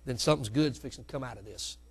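A middle-aged male pastor preaching a sermon, with sudden loud climbs and hushed drops. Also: medium pitch, quick pace, slightly rough.

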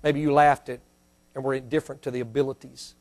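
A male pastor preaching a sermon and leading an altar call in a church, swinging from loud fiery preaching to soft pleading prayer. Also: mid-range voice, little pitch movement, quick pace. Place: church sanctuary.

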